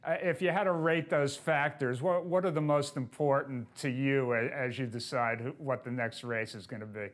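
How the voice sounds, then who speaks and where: A man's voice: medium pitch, fairly even intonation, normal speed, hardly any pauses. A man hosting a show and interviewing a guest, asking earnest questions that start with small stumbles.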